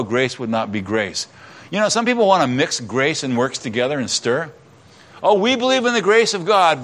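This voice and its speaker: Preacher man dramatically retelling scripture. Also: a bit bright. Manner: dramatic retelling, acting out voices with rising pitch and volume. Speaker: pastor. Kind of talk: sermon.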